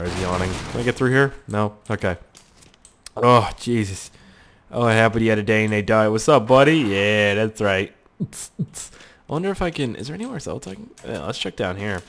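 A young man giving joking, excitable let's-play commentary as a gaming YouTuber, swearing a lot as he goes. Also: lowish voice, a little hiss or hum.

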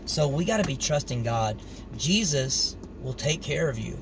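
A man's voice: mid-range voice, lively intonation, normal speed, background noise. A middle-aged man preaching informally on scripture, earnest and conversational, acting out the story with animation. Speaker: street preacher.

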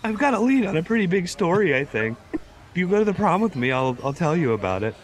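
A man's voice: high-pitched, big pitch swings, fast talker, voice pushed up. A man voicing an awkward prepubescent schoolboy with a crush, in a strained, froggy voice that stammers and hesitates. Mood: eager.

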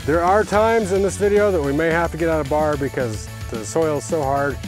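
A man talks casually while digging outdoors on hard ground. He is energetic, exclaims often, and breathes hard from the work. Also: fairly high pitch, a little fast, soft background music. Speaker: fence installer testing tools. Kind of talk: casual product test while working.

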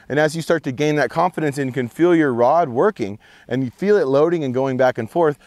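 A man hosting an outdoor fishing vlog from a boat on a lake, explaining casting tips and getting excited over his catches. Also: medium pitch, dry recording. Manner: excitable, whoops and shouts when fish jump.

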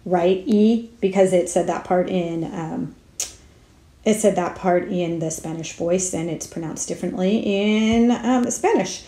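A woman's voice: on the low side, a little slow, dark tone, roomy sound. A woman, a speech therapist, narrating a step-by-step app tutorial, talking herself through each click with casual fillers. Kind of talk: screen-recorded app tutorial.

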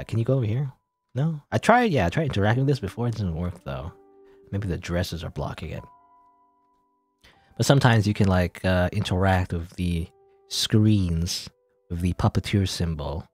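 A man's voice: fairly low pitch, expressive, moderate pace, a little mellow, husky, faint music behind. A man casually commentating a game he is playing, rambling and joking with many fillers. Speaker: let's play gamer.

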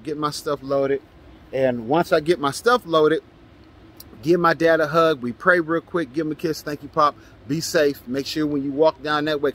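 A man vlogging, telling a personal story in a casual, animated way and acting out the shouts he traded with others. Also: a little high. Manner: animated, acts out his own shouts and quotes.

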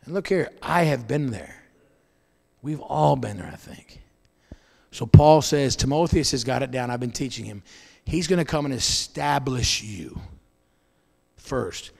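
A man preaching as pastor to his congregation, swinging between booming and hushed delivery in a church. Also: measured pace, vocal fry, long pauses, long reverb tail. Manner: preaching with wide swings in loudness and pitch. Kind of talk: sermon. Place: church sanctuary.

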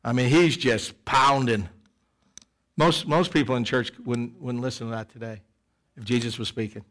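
A middle-aged man preaching a sermon in church, animated, swinging between loud emphasis and quiet asides. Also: mid-range voice, normal speed. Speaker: pastor. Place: church sanctuary.

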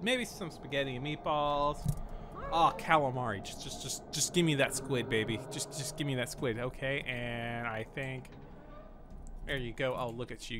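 A man's voice: mid-range voice, background noise. A man narrating a horror game playthrough, joking and self-mocking as he talks to the characters on screen. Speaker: game host playing a horror game. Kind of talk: let's play commentary.

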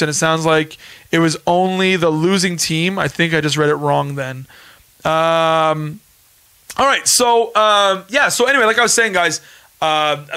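A Canadian man in his thirties chats casually on a livestream podcast, repeating himself as he insists on his points. His voice is bright and forward, pitched a little high for a man. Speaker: podcast host and former reality show contestant. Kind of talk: casual livestream chat reading viewer comments.

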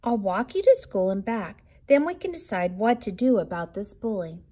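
A woman voicing a gentle, caring mother raccoon who talks in a soft, reassuring way in a storybook reading. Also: medium pitch, sing-song, moderate pace.

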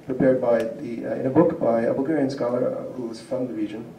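A man giving an academic lecture with slides, pausing often with fillers and restarts. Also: mid-range voice, flat delivery, warm tone, slight background noise. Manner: hesitant, many fillers and restarts. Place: civic centre lecture hall. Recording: roomy distant hall recording.

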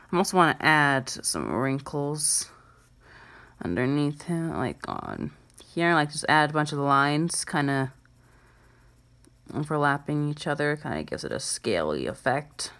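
Woman host for a casual drawing tutorial: low, lively voice, chatty and self-deprecating.

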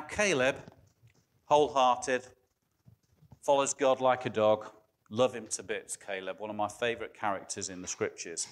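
A middle-aged man preaching a sermon in a church hall, talking conversationally and putting questions to the congregation. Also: mid-range voice.

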